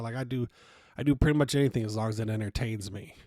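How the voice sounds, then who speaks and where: Here the podcast host's voice is lowish and darkish, at normal speed but broken by long pauses. He's a young man telling a personal story with blunt profanity and acted-out conversation, in a casual monologue. The audio is clean studio sound with no room noise.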